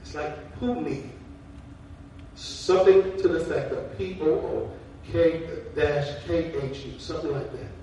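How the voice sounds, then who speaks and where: A man's voice: a little high, measured pace, mellow. A man preaching a sermon in a folksy, casual way that rises to fervent calls. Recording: very echoey, far from the mic, faint noise.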